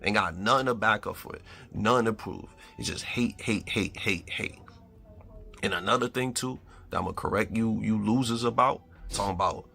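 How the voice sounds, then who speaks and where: A man's voice: lowish voice, normal speed, creaky, sharp tone. A man with a Bronx New York accent, a streamer ranting at his critics in a confrontational, trash-talking way. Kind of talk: angry rant to the camera.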